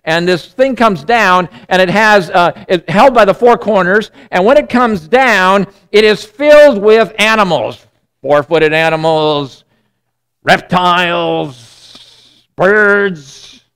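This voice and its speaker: Man preaching, high voice, chatty digressive sermon, repeated restarts. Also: lively intonation, unhurried, hardly any pauses, fairly bright tone, clean tone. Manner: conversational and digressive, many repeated starts.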